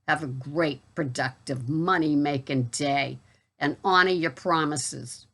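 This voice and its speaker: Low-voiced Boston woman, chatty and wry. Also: slow, a bit bright. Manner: chatty, wry, exasperated asides. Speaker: vlogger and gig delivery worker. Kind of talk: casual talk to camera.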